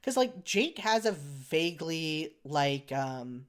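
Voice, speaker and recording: A podcast co-host chatting casually at a mid-range pitch. The delivery rambles, full of "like" and restarts, and keeps correcting itself mid-sentence. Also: very animated, takes it slowly. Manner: rambling, filler-heavy, frequent "like" and self-corrections. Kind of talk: casual chat.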